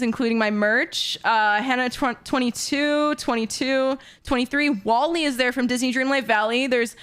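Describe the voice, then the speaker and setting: A high-pitched young woman in her twenties chats casually to her live-stream audience. Her talk is excitable and gushing. She giggles often as she goes along. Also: clear, resonant tone. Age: 20s.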